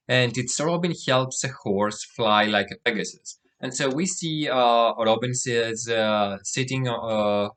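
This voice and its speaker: Halting man recapping a chapter. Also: mid-range voice, fairly bright tone. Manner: halting, many fillers and restarts, clears throat. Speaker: manga chapter recap host. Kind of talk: casual spoken recap with read-out dialogue.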